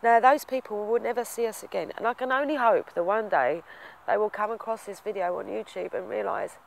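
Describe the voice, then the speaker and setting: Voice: mid-range voice, fairly quick, gravelly, slight background noise. A vlogger telling a story to camera in a heartfelt, rambling way. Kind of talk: casual storytelling vlog.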